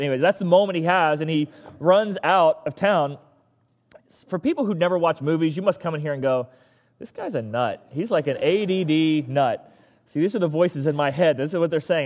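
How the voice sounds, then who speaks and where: A man's voice: a little high, a little mellow, big-room sound. A male pastor giving a casual, conversational sermon and acting out the voices of the people he talks about.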